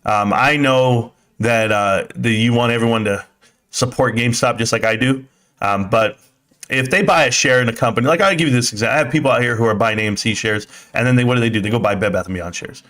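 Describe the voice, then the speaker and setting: During a relaxed live stream, the male host chats and rambles through viewer comments, now and then dropping a swear word. He speaks fast in a medium-pitched voice with a fairly bright tone.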